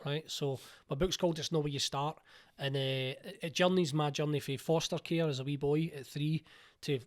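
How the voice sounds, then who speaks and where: A man's voice: a little high, fairly even intonation, normal speed. A Glaswegian man in his forties, a playwright and producer talking eagerly in an interview, rambling with frequent restarts. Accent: Glaswegian Scottish. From Scotland. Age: 40s. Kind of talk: casual interview chat.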